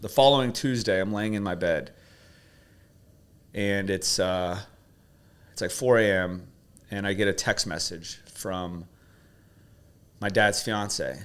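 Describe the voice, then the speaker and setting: A man's voice: lowish voice, slow, pauses often, fairly bright tone, clean tone. A man coaching his host through questions, then telling a personal story with emotion. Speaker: guest coach.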